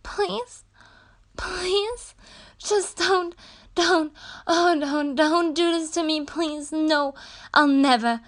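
A woman voicing a proud, defiant young captive princess in an adult audio role-play, breathy and gasping as she pleads. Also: high-pitched, fairly even intonation, takes it slowly. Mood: pleading.

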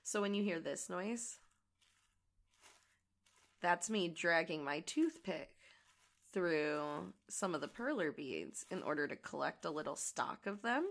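A woman with a gravelly voice today, chatting casually and rambling as she crafts. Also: lowish voice, animated, slow, long pauses, fairly bright tone. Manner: rambling and chatty, many fillers. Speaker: audio creator and crafting vlogger. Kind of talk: casual chat while crafting.

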